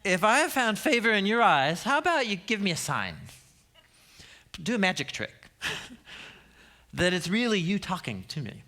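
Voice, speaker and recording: A man's voice: sits high, big pitch swings, measured pace, pauses often, sharp tone, exaggerated voice. A man voicing a nervous, hesitant man who rambles and bargains in casual modern phrasing.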